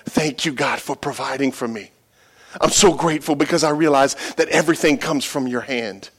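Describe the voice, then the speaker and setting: A middle-aged male pastor preaching a sermon in a church, with call-and-response lines that build to loud, emphatic peaks. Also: medium pitch, moderate pace, husky.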